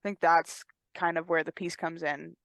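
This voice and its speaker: A woman with a low voice talks through her thoughts in a reflective, laid-back way on a casual podcast. The recording is dry and close, and she swears freely. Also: level tone, moderate pace, vocal fry, dry recording. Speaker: podcast co-host. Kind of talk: casual chat.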